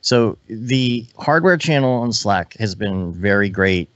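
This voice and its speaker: A relaxed man co-hosting a live podcast, rambling and restarting his sentences as he chats. His voice sits a bit low, and the sound is dry and dull, like a lo-fi online call. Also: unhurried, no room sound. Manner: relaxed, rambling, self-interrupting. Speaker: podcast co-host. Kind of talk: casual live podcast chat.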